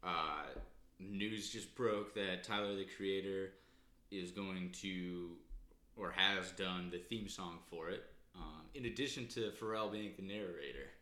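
A man's voice: deep voice, unhurried, bright, forceful tone. A man co-hosting a podcast in casual chat, rambling and hedging a lot as he talks. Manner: rambling, hedging with "like" and "I don't know". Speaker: podcast co-host. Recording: roomy echo.

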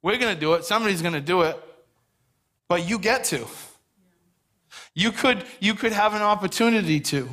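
A man's voice: high voice, normal speed, long pauses, sharp tone. A man preaching a sermon as pastor, earnest and conversational, telling stories on himself with a self-deprecating touch.

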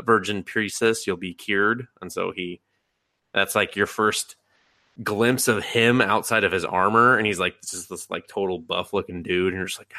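Low gravelly man, animated podcast chat. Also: dry recording, studio quality. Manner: animated, profane, acts out reactions in voices. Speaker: podcast co-host. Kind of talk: casual chat recapping an anime.

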